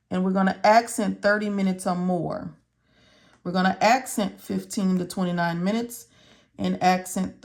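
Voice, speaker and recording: A woman teaching medical coding step by step, repeating key words and asking and answering her own questions. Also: mid-range voice. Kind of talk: step-by-step tutorial walkthrough.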